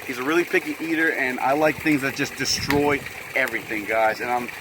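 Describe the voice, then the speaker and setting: A man's voice: medium pitch, fairly even intonation, brisk, background noise. A young man vlogging casually to camera in a home room full of aquarium tanks, chatty and jokey, often calling his viewers guys.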